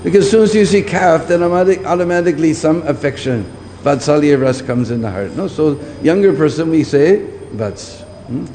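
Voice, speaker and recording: His voice on the high side and mellow, a preacher speaks a little fast with lively intonation. He lectures from scripture, repeating his points and repeatedly asking listeners "hmm?". The hall adds long reverb, and faint background noise can be heard.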